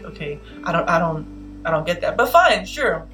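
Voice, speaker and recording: A woman in her twenties vlogging, telling a story in an animated, exasperated, emphatic way. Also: mid-range voice, a little fast, faint music behind. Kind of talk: casual storytelling vlog.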